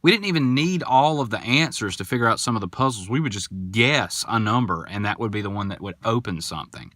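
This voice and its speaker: A young man hosting a podcast, telling a story in a casual, animated and indignant way, acting out the people in it. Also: fairly low pitch, a little fast, dry recording, clean studio sound. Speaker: podcast host.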